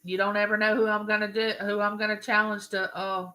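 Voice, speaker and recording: Bright-voiced woman chatting live. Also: mid-range voice, flat delivery, a little fast, rough recording. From Mississippi. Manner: friendly, greets viewers by name, rambling. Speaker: live-stream host. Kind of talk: chatty live-stream greeting viewers.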